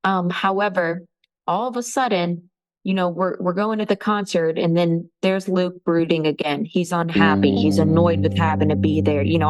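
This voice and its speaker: A woman candidly recounting a painful personal story in an interview, halting with fillers. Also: fairly low pitch, low-quality recording. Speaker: interviewee telling her story.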